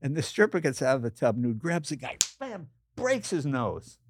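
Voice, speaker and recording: A man's voice: a little high, moderate pace, a little hiss or hum. An older man telling stories in an interview, acting out the voices of people in them. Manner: animated storyteller acting out voices. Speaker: guest. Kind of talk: storytelling interview.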